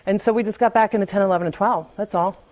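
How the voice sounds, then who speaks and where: A woman's voice: medium pitch, fast talker, darkish tone, low-quality recording. A woman giving a candid, conversational recovery talk, often restarting and repeating words and laughing lightly between thoughts. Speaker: AA speaker. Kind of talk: personal recovery talk at a meeting.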